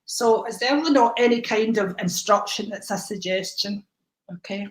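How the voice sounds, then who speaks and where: A woman's voice: mid-range voice, fairly quick. A woman gives psychic readings on a live stream in a mid-range voice. She rambles, with ums and restarts, and calls her viewers darling and honey. The room echoes around her.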